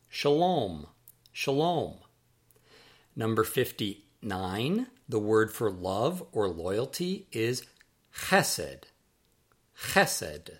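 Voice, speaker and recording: A man walks learners through a word list at a very slow, careful pace. He says each word, then repeats it twice. His mid-pitched voice moves up and down expressively. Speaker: author teaching vocabulary. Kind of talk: slow, deliberate pronunciation drill.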